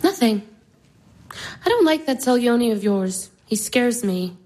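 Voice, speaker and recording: A woman's voice: fairly high pitch, big pitch swings, measured pace, darkish tone, low-quality recording. An actress in her twenties playing a weary, disillusioned young sister. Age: 20s. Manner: subdued, weary. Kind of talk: stage drama acting.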